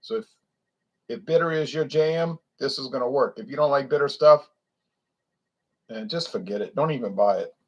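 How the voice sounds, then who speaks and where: A man's voice: medium pitch, normal speed, pauses often. Blunt, rambling man with a Louisiana accent. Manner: opinionated, blunt, digressive. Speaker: beer reviewer. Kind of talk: casual rambling review.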